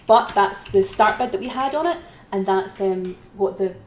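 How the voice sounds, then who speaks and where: A woman's voice: medium pitch, moderate pace, slight background noise. A chatty woman runs a live auction from her computer, calling again and again for bids. Her voice sits in a roomy, echoey space. Faint keyboard typing runs underneath. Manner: chatty, self-mocking, repeats calls for bids. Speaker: auction host. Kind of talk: live-streamed auction commentary.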